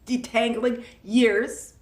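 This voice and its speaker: A woman with a fairly high voice gives a casual motivational talk to a live audience. She is playful and emphatic and leans on repetition. She sounds a little distant from the mic, in a roomy, echoing space. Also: fairly even intonation, very slow, darkish tone. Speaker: live-stream host and self-help coach.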